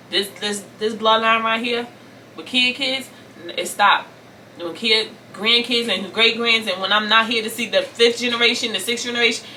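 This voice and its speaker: Woman, 30s, Brooklyn-raised vlogger; emotional confessional vent, bright forceful tone, slightly distant mic. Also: mid-range voice, a little hiss or hum. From Brooklyn, New York. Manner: raw and tearful, repeating phrases, rising intensity then soft pleading. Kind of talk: emotional storytime vent to camera.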